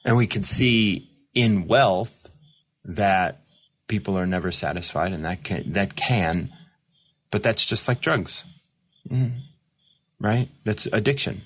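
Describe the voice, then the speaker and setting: Male host, deep voice, rambling reflective livestream talk. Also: slow, long pauses, fairly bright tone, slightly rough. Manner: rambling, reflective, many fillers and restarts; reads viewer comments aloud. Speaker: recovery mentor and show host. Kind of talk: casual livestream monologue.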